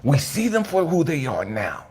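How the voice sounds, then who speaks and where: A man giving an impassioned, profane motivational monologue, swinging between hushed whispers and raised outbursts. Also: a little high, wildly swooping pitch, normal speed, husky. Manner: profane, blunt street talk. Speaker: motivational speaker.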